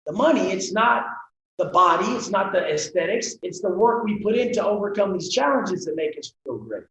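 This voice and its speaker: A man guest on a podcast interview, talking bluntly and forcefully and swearing freely. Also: sits high. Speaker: guest, fitness coach. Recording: roomy, dull sound with faint noise.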